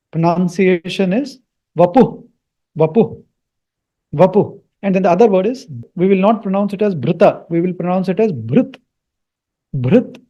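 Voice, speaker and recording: A man teaching the meaning of a Sanskrit mantra, slowly repeating each word for learners. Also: sits high, warm tone. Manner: slow, repeats words for learners.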